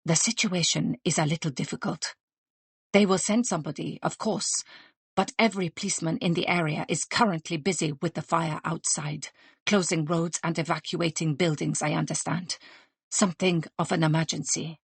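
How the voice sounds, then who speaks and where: A courtly, willowy restaurant manager, voiced by a woman for an audiobook, speaking in measured, decorous phrases. The voice sits low and slightly husky. It is recorded close and dry. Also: steady tone, no room sound, heavily acted. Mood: grave. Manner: formal, decorous, measured speech.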